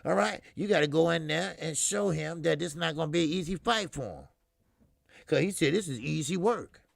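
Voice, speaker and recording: Man, middle-aged, gravelly voice, dry close mic, casual swearing live-stream host. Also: fairly high pitch, expressive, moderate pace, no echo. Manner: loose, swearing, filler-heavy, calls out viewers. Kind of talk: casual live-stream chat reading comments.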